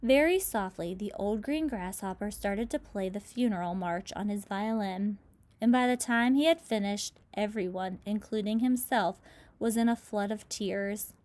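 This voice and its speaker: A woman reading a children's book aloud, with lively voices for the characters. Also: mid-range voice, normal speed. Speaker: storybook reader.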